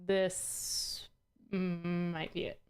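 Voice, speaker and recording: A woman's voice: fairly low pitch, completely flat delivery, drawn-out words, a little mellow, a little hiss or hum. A woman streaming and chatting casually, playful and self-mocking, laughing often and cursing now and then as she trips over words. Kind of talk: casual chat.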